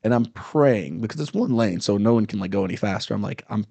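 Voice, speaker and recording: Man, gravelly, low voice, animated storyteller, dry close sound. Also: quick pace, no echo. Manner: animated storyteller, acts out angry cops loudly. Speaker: comedian guest. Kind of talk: casual storytelling chat.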